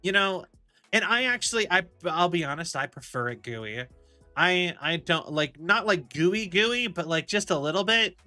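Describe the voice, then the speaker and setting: A man's voice: on the high side, bright, forceful tone. A man streaming a game, chatting casually and rambling with frequent laughs. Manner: rambling, chatty, laughs often, many restarts. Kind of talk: casual chat while gaming.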